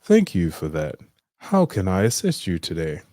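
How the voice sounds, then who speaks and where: A man voicing a courteous credit card phone receptionist in a put-on deep voice. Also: wildly swooping pitch, normal speed, mellow, no echo, clean studio sound. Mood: polite.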